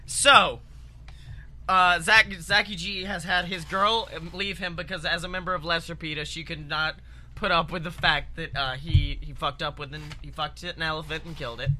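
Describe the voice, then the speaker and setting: A man co-hosting a comedy podcast, pitching an absurd story in an excitable, rambling way with heavy swearing. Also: moderate pace, a little hiss or hum. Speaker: podcast co-host.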